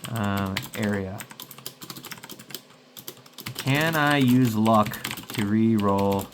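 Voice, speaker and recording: A man's voice: fairly low pitch, extremely slow, background noise. A man casually playing a solo tabletop game, rambling and thinking aloud to himself. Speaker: solo game player and host.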